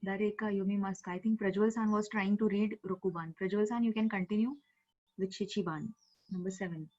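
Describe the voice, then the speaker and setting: A woman's voice: medium pitch, fairly even intonation, a little fast, darkish tone. Woman teacher, patient step-by-step explaining, online class, dull lo-fi call audio. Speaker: Japanese language teacher. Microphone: video call.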